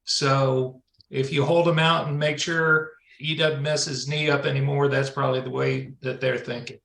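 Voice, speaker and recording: A man's voice: medium pitch, level tone, normal speed, gravelly, a bit bright, echoey room. A man joining a sports podcast as a guest over a call, musing with hesitant restarts. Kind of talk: casual remote call-in chat.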